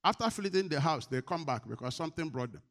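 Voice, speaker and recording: A man preaching a sermon, asking the congregation questions and answering them, swinging between loud and quiet. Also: on the high side, lively intonation, quick pace.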